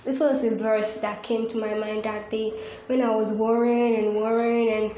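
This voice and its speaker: A woman's voice: a little high, level tone, normal speed, mellow, faint music behind. A woman hosting a devotional podcast, speaking earnestly and repeating her points like a preacher. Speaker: podcast host. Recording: echoey room with faint ambient noise.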